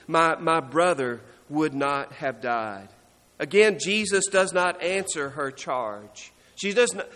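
Slow earnest preacher in a reverberant hall. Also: male voice. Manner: slow, earnest preaching with soft, low drops on scripture lines. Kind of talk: sermon.

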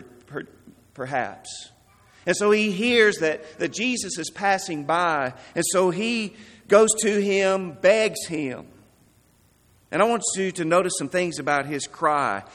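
A man preaching a sermon in an earnest, emphatic way, letting his voice sink low at key words. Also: fairly bright tone. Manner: earnest, emphatic, dramatic drops in volume. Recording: long reverb of a large hall.

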